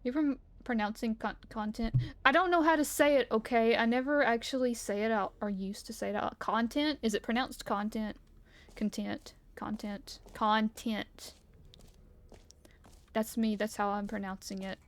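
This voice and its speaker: Streaming from her room, a woman plays a game and comments live, chatting playfully and giggling. Her voice is a little high and moves at a normal speed.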